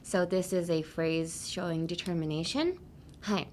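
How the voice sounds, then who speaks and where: A woman's voice: lowish voice, a little slow, a little hiss or hum. Chatty woman hosting a language lesson. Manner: chatty, explains phrases with many "like" and "um" fillers; switches between English and Japanese. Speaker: English lesson podcast host. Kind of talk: casual teaching chat.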